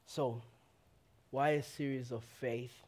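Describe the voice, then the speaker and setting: A man preaching a sermon in a church, swinging from impassioned outcries to quiet, reflective teaching. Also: medium pitch, steady tone, takes it slowly. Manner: impassioned preaching, rising to shouts then quieting. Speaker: pastor.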